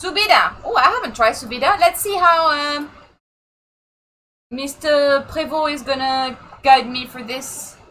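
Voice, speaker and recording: A French-accented woman, a native French speaker, chats over her gameplay in a lively, animated way with quick asides. Her voice sits somewhat high and bright. A faint hum of room noise runs underneath. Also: rough recording. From south of France. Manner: chatty, animated, laughing asides. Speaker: streamer. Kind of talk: casual gameplay commentary.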